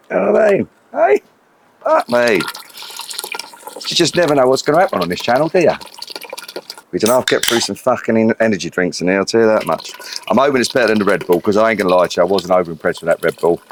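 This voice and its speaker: A man's voice: medium pitch, background noise. A middle-aged man hosting a casual outdoor cooking vlog, chatty, cheeky and full of swearing. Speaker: cooking channel host. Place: outdoors at a grill.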